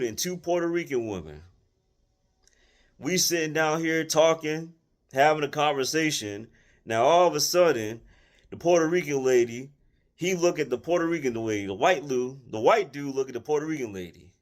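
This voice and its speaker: Guy talking straight to camera, slangy and blunt, bit of a higher voice, keeps repeating himself. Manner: blunt, colloquial, emphatic; restarts and repeats phrases. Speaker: content creator telling his story. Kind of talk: casual storytelling monologue.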